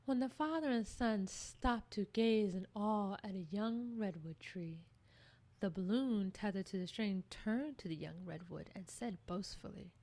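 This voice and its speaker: A woman storyteller reading a children's story aloud in an expressive, measured way. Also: medium pitch.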